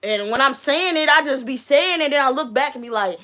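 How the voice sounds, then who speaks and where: This is a woman chatting casually on her own livestream, answering comments as they come in. Her voice is bright and pitched somewhat high. Her delivery is animated and full of slang, and she laughs easily between remarks. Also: fairly quick, hardly any pauses. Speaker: livestream host; school staff member.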